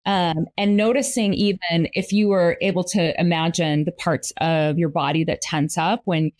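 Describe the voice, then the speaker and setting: A middle-aged woman, a family therapist, explaining ideas calmly in a relaxed interview, pausing now and then on soft fillers. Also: lowish voice, dry recording. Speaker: marriage and family therapist, guest. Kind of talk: casual interview talk.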